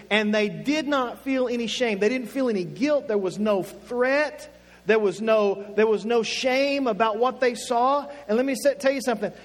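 A man from Oklahoma with an Oklahoma accent, preaching a sermon in a playful, conversational way and stretching words for emphasis. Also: extremely high pitch. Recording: echoey hall with faint music.

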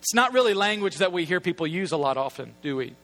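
Very high, bright-voiced male preacher. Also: animated, quick pace, soft background music. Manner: casual, humorous, conversational preaching; emphatic, repeated phrasing. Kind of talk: sermon.

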